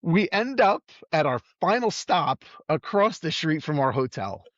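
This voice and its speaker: This middle-aged EMS professional, a podcast guest, has a fairly high voice and an unhurried delivery as he tells a casual story. He animatedly acts out the voices in it, recorded close, dull and dry.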